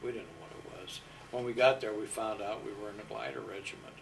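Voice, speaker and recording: An older man with a fairly low voice recalls his army days, humble and unhurried, with frequent pauses and fillers. He sits a little away from the microphone, and faint background noise is in the recording. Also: fairly even intonation, gravelly, distant mic, poor audio. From Iowa, USA. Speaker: war veteran interviewee. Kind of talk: storytelling interview.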